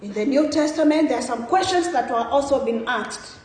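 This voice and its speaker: High-voiced woman preaching in an echoey church. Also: normal speed. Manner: rhetorical questions, emphatic rises and soft trailing endings. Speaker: guest preacher. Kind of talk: sermon.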